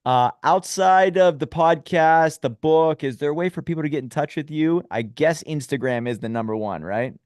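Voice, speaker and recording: A man's voice: a little high, normal speed, hardly any pauses, darkish tone, no room sound, studio quality. A man hosting a podcast, interviewing a guest over a video call in an upbeat, casual way. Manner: friendly, upbeat interviewer asking questions. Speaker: podcast host.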